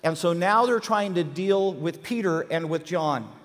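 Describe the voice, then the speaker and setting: Lively man leading a Bible class. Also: on the high side, a little slow, big-room sound. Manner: animated, asks the class questions. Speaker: Bible teacher.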